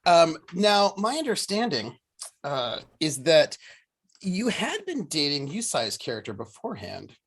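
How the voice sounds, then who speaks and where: An eager facilitator leads a planning chat for a tabletop game. The voice swings widely in pitch and carries a husky breathiness. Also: wildly swooping pitch, measured pace. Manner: eager, probing questions.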